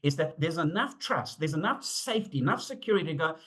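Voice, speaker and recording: Animated middle-aged man telling stories. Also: a little high, fast talker. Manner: animated, acts out quoted dialogue, frequent fillers. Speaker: safety consultant presenting a webinar. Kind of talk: storytelling talk.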